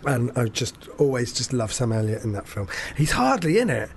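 A man hosting a casual chat, rambling and animated, swearing freely as he talks. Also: mid-range voice, moderate pace, a little hiss or hum. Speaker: podcast host.

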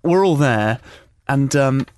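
A young man telling a funny story in a casual chat, animated and laughing often as he acts out quotes. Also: medium pitch, slow, no room sound.

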